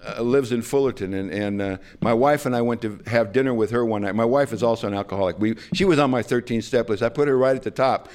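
A man's voice: mid-range voice, quick pace, hardly any pauses, darkish tone. A man sharing his story at a recovery meeting, rambling and self-deprecating with lots of fillers. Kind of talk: humorous personal storytelling.

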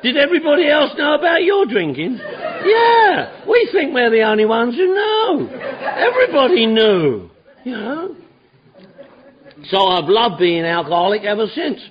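High-voiced man telling a rowdy story. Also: moderate pace. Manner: animated storyteller, acts out dialogue, swears freely. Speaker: speaker sharing his recovery story. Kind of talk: storytelling talk to a recovery meeting. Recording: dull lo-fi recording with a murmuring crowd.

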